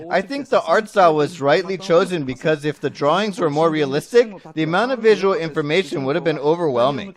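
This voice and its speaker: A man delivering an online lecture in a chatty way, quizzing his audience and reading their comments aloud. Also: a little high.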